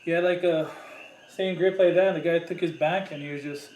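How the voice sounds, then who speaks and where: A man from Hawaii co-hosting a podcast, speaking in relaxed, matter-of-fact casual chat. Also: on the high side, brisk. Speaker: podcast co-host. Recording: echoey room, faint noise.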